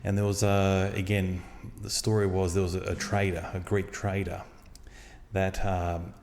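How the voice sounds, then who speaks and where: Aussie guy, deep voice, telling a story and doing all the dialogue, long echoey reverb. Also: a little slow, slight background noise. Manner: animated storyteller acting out dialogue. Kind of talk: casual storytelling chat.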